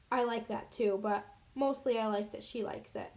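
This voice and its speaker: A woman narrating a children's novel in the first person with an expressive, earnest reading. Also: a little high, moderate pace, few pauses. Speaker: audiobook reader.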